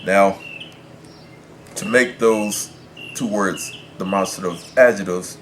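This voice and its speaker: A man teaching Spanish pronunciation, explaining grammar to the camera in a measured way, stopping to pick his words. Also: low-pitched, a bit bright, a little hiss or hum.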